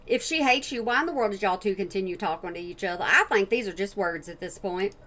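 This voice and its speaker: A woman's voice: medium pitch, animated, quick pace, fairly bright tone. A woman giving blunt, opinionated casual commentary as a reaction channel host.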